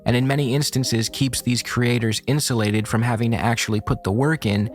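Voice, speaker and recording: A man reads a scripted video essay in a measured, critical tone. His voice sits at an ordinary middle pitch, and he lays out each point steadily. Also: fairly even intonation. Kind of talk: scripted narration.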